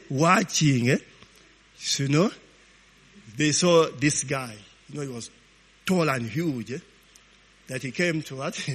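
A man preaching, telling stories in an animated, informal sermon, often tagging lines with "eh?". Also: fairly high pitch, breathy edge. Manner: animated, peppers talk with "eh?" and laughs. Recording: long hall reverb.

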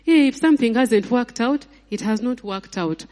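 A married woman preaching a lively sermon, acting out scenes with laughs and sudden high exclamations. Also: unhurried, hardly any pauses. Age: adult, married mother. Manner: acts out voices of people and God in her retelling. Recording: long hall reverb.

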